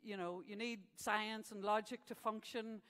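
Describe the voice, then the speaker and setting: This woman's mid-range voice moves a little slowly, with fairly even intonation and a slightly bright, clear, resonant tone in a big-room setting. She hosts a live awards event from the venue stage, joking with the crowd between announcements. It's chatty stand-up style hosting, full of gags that build to punchlines.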